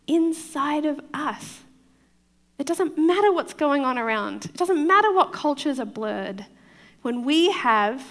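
Woman pastor, foreign accent, bright-ish voice, chatty sermon in an echoey hall. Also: high voice, creaky. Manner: chatty, often checks in with the crowd, laughs easily. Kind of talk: conversational sermon.

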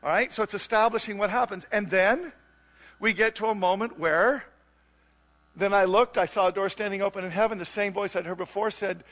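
Man pastor, high and bright, chatty animated sermon delivery. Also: fairly quick. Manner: animated, conversational, sings musical phrases.

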